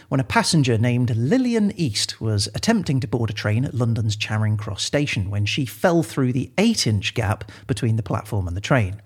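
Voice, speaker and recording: A man co-hosting a chat show, explaining a topic in a lively, storytelling way. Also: medium pitch. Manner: lively, animated storytelling with laughs. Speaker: podcast co-host.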